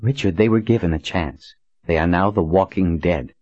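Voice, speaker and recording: A man voicing a level-headed woman officer who speaks calmly and firmly, sometimes under her breath. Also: low voice, normal speed. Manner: calm, firm, sometimes hushed. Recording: dull dry recording.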